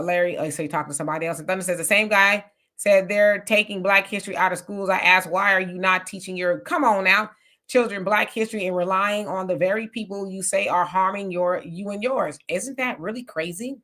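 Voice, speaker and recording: A woman hosting a casual live stream, reading viewer comments aloud and reacting with chatty, animated remarks. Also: mid-range voice, fairly quick.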